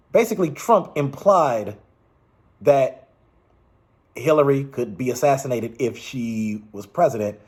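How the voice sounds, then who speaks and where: A man's voice: mid-range voice, a little mellow, slightly rough. A man giving casual, rambling political commentary, exasperated and restarting his sentences often.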